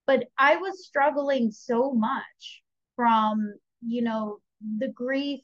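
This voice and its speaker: Podcast guest: young woman, lively storyteller, slightly dull lo-fi audio. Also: fairly high pitch, dry recording. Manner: chatty, animated, quotes herself and others. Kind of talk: candid personal storytelling.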